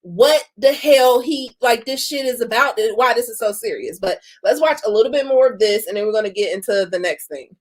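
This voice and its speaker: Woman host, slightly high voice, blunt and outspoken, casual reaction commentary. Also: lively intonation, fairly quick, few pauses.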